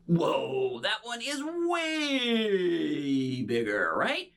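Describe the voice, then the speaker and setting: A man's voice: sits high, drawn-out words, slight background noise. A man performing an interactive bubble show for children, talking playfully to an unseen young audience. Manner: animated and showy.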